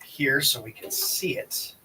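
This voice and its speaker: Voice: medium pitch, fairly even intonation, measured pace, noisy background. A radio co-host chatting casually in the studio. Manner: chatty and reactive.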